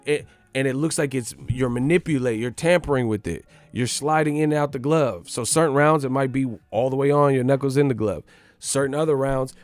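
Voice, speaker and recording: A man's voice: medium pitch, darkish tone, no room sound. Brash, profane man ranting about boxing. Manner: brash, cocky, swears a lot. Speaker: boxing commentator.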